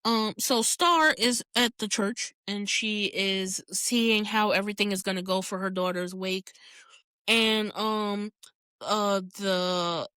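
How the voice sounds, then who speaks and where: Recorded dry and at studio quality, this podcast host's clean, mid-range voice carries a chatty TV episode recap. She's candid and swears, with frequent laughter and animated reactions.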